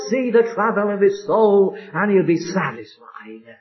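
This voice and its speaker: A man preaching a sermon with fervent, drawn-out emphatic phrases, from an old recording. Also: high voice, expressive, lo-fi sound.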